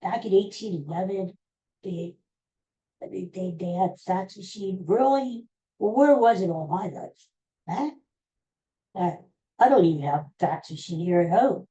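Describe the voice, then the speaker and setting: A woman's voice: mid-range voice, a little slow, pauses often, mellow, lo-fi sound. A woman hosting a podcast, chatting casually and rambling with exclamations. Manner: rambling, exclaiming, talks to herself. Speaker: podcast host. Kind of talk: casual chat.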